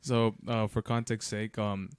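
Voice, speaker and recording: A man co-hosting a podcast in casual chat, telling stories in a rambling, excitable way. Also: lowish voice, a little slow, smooth, dry recording. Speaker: podcast co-host and band member.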